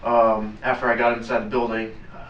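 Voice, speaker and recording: Man, mid pitch, blunt profane storyteller, heard from afar in a roomy space. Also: level tone, a little hiss or hum. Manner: blunt, profane, halting with many fillers. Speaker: interview guest, former Navy SEAL. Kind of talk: casual storytelling interview. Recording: roomy, distant, dull lo-fi sound.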